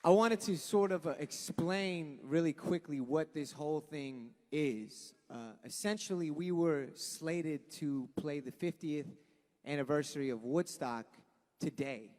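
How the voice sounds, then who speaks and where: A man's voice: fairly high pitch, a little slow, a little mellow. A young man from Los Angeles, a band frontman giving an earnest, rambling, profane speech to a live crowd at an outdoor event. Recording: long echoing reverb from a sound system.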